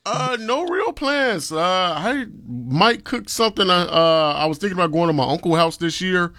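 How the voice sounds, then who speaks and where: A man's voice: high voice, animated, moderate pace, sharp tone, dry recording, clean studio sound. A man co-hosting a morning show, laid-back and a little hesitant in casual banter.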